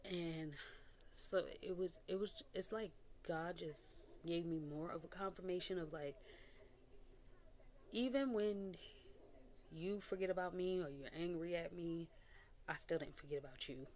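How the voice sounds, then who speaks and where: This vlogger, a young adult woman, speaks in a fairly low, unhurried voice with long pauses. Her casual vlog testimony is candid and animated, as she acts out what others said with quoted voices and little laughs.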